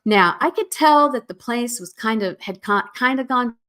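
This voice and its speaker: A woman's voice: a little high, normal speed. A woman hosting her own podcast, telling a personal story in an earnest, emotional way and laughing through the hard parts. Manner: animated, shifts into soothing parent voice when quoting herself. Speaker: podcast host.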